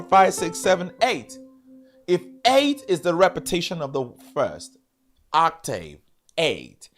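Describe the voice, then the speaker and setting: A piano teacher gives a live-streamed lesson in a lively, swooping voice that sits a bit high for a man. He drills each point by repeating it and firing quiz questions at his viewers. Faint music plays behind him. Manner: animated, repeats and quizzes viewers.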